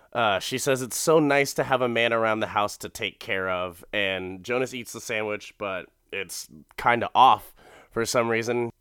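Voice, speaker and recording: Casting: man recapping a TV episode, bright crisp voice, profane and laughing. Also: mid-range voice, no room sound, clean studio sound. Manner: laughs often, swears freely. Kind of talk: casual profane commentary.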